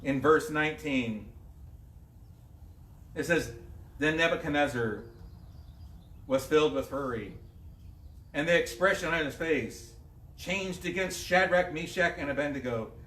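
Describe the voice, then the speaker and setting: Lively storytelling preacher, high and bright, recorded from a distance. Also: male voice, measured pace, pauses often, a little hiss or hum. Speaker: pastor. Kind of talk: sermon. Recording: echoey room, mic at a distance.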